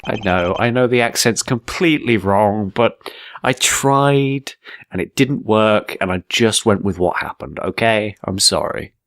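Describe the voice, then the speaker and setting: A man's voice: on the low side, lively intonation, unhurried, a bit bright, no echo, clean studio sound. A man giving casual, rambling game commentary with self-deprecating asides. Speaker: let's play host.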